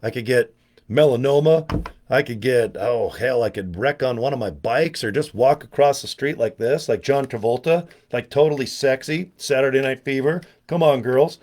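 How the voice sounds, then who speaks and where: A man's voice: mid-range voice, moderate pace, a little mellow. Rambling, joking man in his sixties. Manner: joking, digressive, self-mocking asides. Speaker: online business vlogger. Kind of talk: rambling casual monologue to camera.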